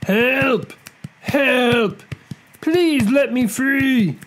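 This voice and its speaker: Storybook crocodile, male, shrill and drawn-out, pleading, voiced by the narrator. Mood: pained. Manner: drawn-out slow pleading cries. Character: whining high-pitched male crocodile, pained then pleading.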